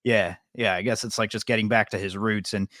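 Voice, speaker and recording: A man's voice: on the low side, steady tone, a little fast, a bit bright, dry recording, studio quality. A man from Britain co-hosting a podcast, giving rambling, self-correcting sports opinions in casual chat. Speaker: podcast co-host.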